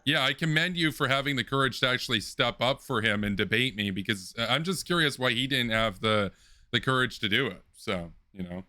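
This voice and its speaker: A man hosting an online political debate, speaking in a measured way with many filler ums and uhs. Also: medium pitch, sharp tone, dry recording. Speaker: debate host.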